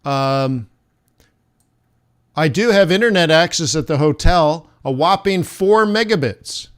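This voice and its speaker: Brief: male livestream host, smooth and slightly high voice, rambling and self-mocking. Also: expressive, takes it slowly. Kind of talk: casual livestream chat.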